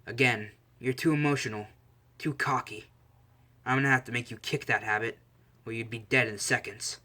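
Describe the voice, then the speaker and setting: Blunt young male assassin-teacher, stern and lecturing, bright tone, read by a male storyteller. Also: mid-range voice, fairly even intonation, moderate pace, lightly acted.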